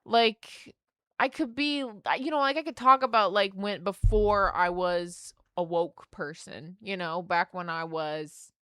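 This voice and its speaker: A woman's voice: medium pitch, measured pace, a bit bright, smooth, no room sound, clean studio sound. A young adult woman streamer chatting casually, rambling through a story full of fillers and restarts. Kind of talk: casual chat on a gaming stream.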